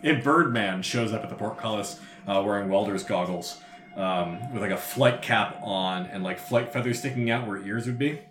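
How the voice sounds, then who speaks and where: A man narrating a tabletop game as game master, telling the scene in a lively, descriptive way. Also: fairly low pitch, moderate pace, reverberant. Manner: animated, descriptive storytelling.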